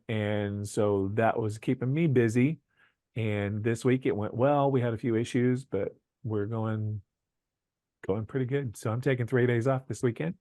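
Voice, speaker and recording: A man hosts a relaxed church podcast, chatting along with plenty of fillers and side remarks. His voice sits at an ordinary middle pitch. It sounds dry and close, with no room around it. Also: dry recording. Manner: chatty, rambling with fillers and asides. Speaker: church podcast host and musician. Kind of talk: casual podcast chat.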